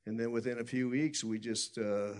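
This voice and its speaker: A man's voice: medium pitch, steady tone, normal speed. A man preaching a sermon, telling stories in an earnest, rambling way with many restarts.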